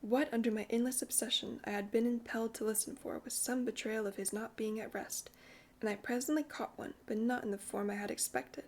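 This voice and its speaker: A woman narrating a classic ghost story audiobook in a measured, hushed way. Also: a little high, fairly even intonation.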